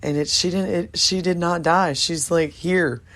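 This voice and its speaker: A woman's voice: fairly low pitch, fairly even intonation, a little slow. An older woman talking to her viewers in a rambling, emotional monologue, swearing casually. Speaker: vlogger.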